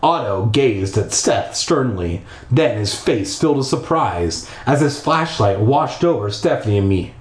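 A man's voice: mid-range voice, animated, a little slow, few pauses. A man reading a spooky children's book aloud in a bathtub, throwing in crude, irreverent asides. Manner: irreverent, swearing ad-libs. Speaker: reader. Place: bathroom, in a bathtub. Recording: echoey bathroom.

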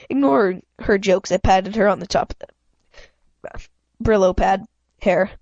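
A woman's voice: medium pitch, a little mellow, no room sound, highs cut off. A woman reading a children's novel aloud in first person, often stumbling and correcting herself. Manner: halting, frequent self-corrections. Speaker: reader.

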